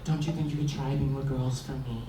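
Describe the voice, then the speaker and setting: A man's voice: medium pitch, steady tone, fairly quick, reverberant, distant mic, heavy background noise, natural voice. A man voicing his tearful, pleading middle-aged mother during a stand-up set.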